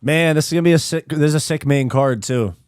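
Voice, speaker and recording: A man's voice: on the high side, a little fast, darkish tone, smooth. A man from California speaks as he hosts a live fight watch party. His talk is slangy, loose and full of swearing. The sound is dry and close, with no room echo. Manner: casual, slangy and profane, reads out chat. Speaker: host.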